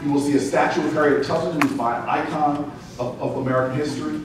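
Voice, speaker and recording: A man's voice: a little high, steady tone, fast talker, slight background noise. Storytelling man in an echoey hall. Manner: humorous storyteller, building to loud climaxes. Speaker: political speaker. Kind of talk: storytelling speech at a podium. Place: large event hall. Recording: echoey hall taped from far off.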